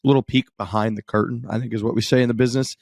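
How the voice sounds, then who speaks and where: A man's voice: mid-range voice, fairly even intonation, racing, gravelly, darkish tone, dry recording, studio quality. A man hosting a podcast, talking in a laid-back, rambling and wry way as he introduces the show. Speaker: podcast host. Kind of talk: casual chat and show intro.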